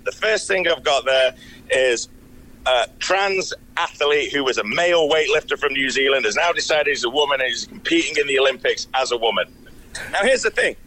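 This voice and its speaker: Manchester guy angry sweary rant, jumps all over in pitch, faint noise. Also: animated, normal speed, pushed and bright, rough recording. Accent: Mancunian English. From Manchester, England. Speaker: guest comic ranting. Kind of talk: profane comic rant.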